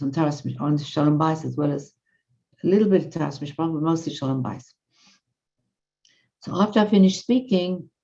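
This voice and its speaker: A woman lecturer telling a story in an animated, conversational way and quoting the people in it. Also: deep voice, gravelly. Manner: animated, conversational, quotes others. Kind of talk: storytelling in a class. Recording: muffled lo-fi audio.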